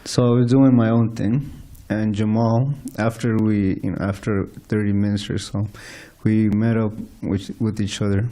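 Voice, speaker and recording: A man speaks up from a class audience with a personal story. His voice is mellow and fairly low, and his delivery is casual and halting, filled with small fillers as he recalls events. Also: little pitch movement. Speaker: devotee in the audience.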